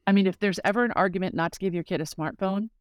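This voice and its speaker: A middle-aged woman, appearing as a guest, gives a casual conversational testimony at a very fast pace in a medium-pitched voice. Her personal story is earnest and heartfelt, full of fillers, and the sound is clean studio quality with no echo.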